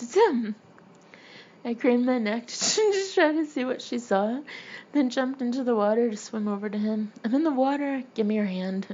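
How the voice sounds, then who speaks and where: A woman narrating a first-person memoir as an audiobook, with wry, deadpan humor. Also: sits high, highs cut off.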